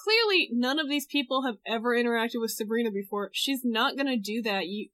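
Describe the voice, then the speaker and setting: A woman's voice: a little high, expressive, brisk, a bit bright. A woman co-hosting a casual chat, animatedly retelling a show and acting out the characters' lines. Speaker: podcast co-host recapping a show.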